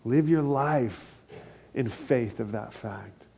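Gravelly pastor preaching earnestly. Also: male voice, mid-range voice, slow, mellow, lo-fi sound, slight background noise. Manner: earnest, builds to emphatic peaks. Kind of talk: sermon.

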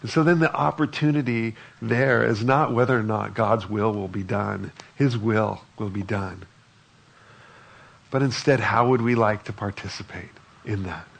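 A man's voice: lowish voice, fairly even intonation, unhurried, gravelly, slightly rough. A man preaching a sermon in a conversational way, reading scripture aloud between his own remarks. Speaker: pastor.

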